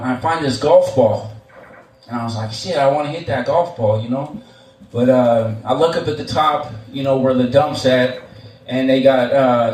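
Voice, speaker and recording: A young man tells a story on stage in a loose, rambling way, full of uh and um and frequent swearing. His voice sits at an ordinary pitch. It is picked up from a distance in an echoey room with a faint hiss underneath. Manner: rambling and profane, with many fillers and restarts. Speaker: storyteller at a live show. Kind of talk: casual spoken storytelling. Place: live venue, on stage. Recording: echoey room, mic far off, faint noise.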